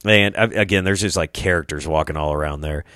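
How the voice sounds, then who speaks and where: A man's voice: a bass voice, a little fast, pushed and bright, no room sound, clean studio sound. A young man from Iowa telling a rambling, profane story as a podcast host, acting out the voices of people he quotes. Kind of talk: casual storytelling.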